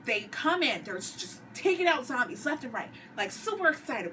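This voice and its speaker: A woman retells a TV episode in a casual vlog, throwing herself into every quoted line. Her voice runs fairly high and swoops all over the place. She sits back from the mic, with clear noise behind her. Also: big pitch swings, moderate pace, recorded from a distance. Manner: dramatic storyteller who acts out lines. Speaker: vlogger recapping a TV episode. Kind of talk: animated casual recap with acted quotes.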